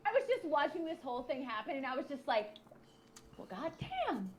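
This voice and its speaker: A young adult woman co-hosting a podcast, telling a story in a casual, animated, profane way and acting out what people said. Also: high voice, fast, noisy background. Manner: animated, profane, acts out quoted voices. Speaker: podcast co-host.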